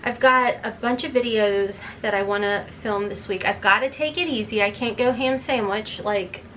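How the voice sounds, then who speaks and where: A woman's voice: mid-range voice, normal speed, fairly bright tone, a little hiss or hum, rough recording. A middle-aged woman chatting casually through a makeup tutorial, rambling with playful asides. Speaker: beauty vlogger.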